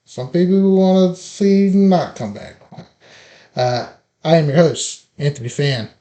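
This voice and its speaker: A man hosting a casual sports podcast, listing players in a relaxed, chatty way. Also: on the high side, measured pace. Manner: opens with playful scripted biblical flood wordplay, then relaxed listing. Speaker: podcast host.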